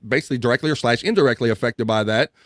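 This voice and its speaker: A man's voice: mid-range voice, very fast, a bit bright, no echo, clean studio sound. A man with an American accent hosting a casual livestream, reading viewer comments and ranting with profanity and jokes. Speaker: livestream podcast host.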